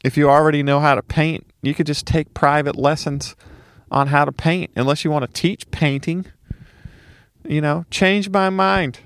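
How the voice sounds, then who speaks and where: A man from Mississippi with a light Southern accent performs a casual solo comedy monologue, ranting with profane, sarcastic asides. His voice is fairly high and his tone level, at a normal speed.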